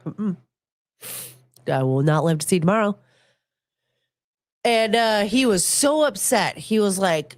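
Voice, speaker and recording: A woman podcast host telling rambling, crude stories, with playful swings into silly quoted voices. Her voice sits at an ordinary middle pitch. It is recorded dry and close, with no room sound. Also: normal speed, no echo. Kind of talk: casual chat, storytelling and reading chat comments.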